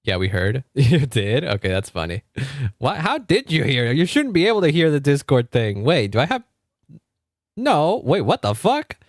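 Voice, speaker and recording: Medium-pitched but swooping wildly, a young man talks at normal speed during a casual gaming livestream from home. The studio-quality audio has no room sound, and he laughs often and swears freely.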